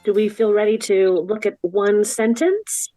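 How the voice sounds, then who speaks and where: A woman's voice: medium pitch, measured pace, warm tone, soft background music, poor audio. A woman guiding a casual podcast discussion, asking the group questions. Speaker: discussion leader. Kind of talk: casual chat.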